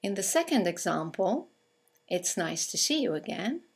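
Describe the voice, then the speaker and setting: A woman teaching English in a scripted lesson, speaking with clear, careful delivery as she reads out example phrases. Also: medium pitch, sing-song, moderate pace.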